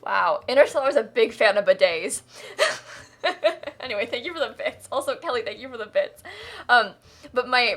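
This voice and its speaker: A woman livestreamer in casual chat, rambling and quick to laugh as she thanks viewers. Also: fairly high pitch, sharp tone. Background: faint music.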